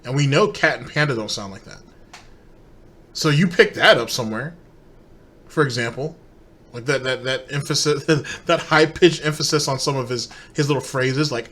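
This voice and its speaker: A man's voice: mid-range voice, moderate pace, fairly bright tone. A man hosting a commentary show, mocking and laughing at the person in the clips he is reacting to. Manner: sarcastic, laughing at the subject. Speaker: commentary host.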